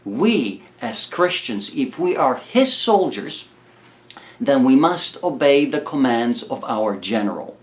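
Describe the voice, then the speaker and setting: A man's voice: medium pitch, very animated, takes it slowly. A man preaching a sermon, earnestly urging the congregation and addressing them directly. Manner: emphatic repetition.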